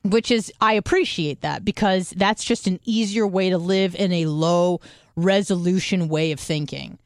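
Chatty low-voiced woman, dry close sound. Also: moderate pace, no echo. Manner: chatty, swears freely, thinks aloud with restarts. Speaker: podcast co-host. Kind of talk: casual chat.

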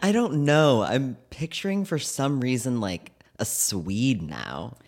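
A man's voice: mid-range voice, expressive, takes it slowly, darkish tone. A man co-hosting a comedy podcast, chiming in with dry, wry one-liners. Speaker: podcast co-host. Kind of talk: comedic banter.

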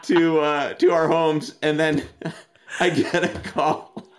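A man co-hosting a podcast, telling a rambling story in casual chat and getting loud and laughing as it goes on. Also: a little high, level tone, slow pace. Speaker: podcast co-host.

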